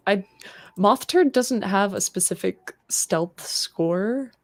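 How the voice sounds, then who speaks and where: A woman's voice: mid-range voice, animated, takes it slowly. A woman playing a tabletop game, casually chatting and sometimes whispering her character's plans. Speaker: player.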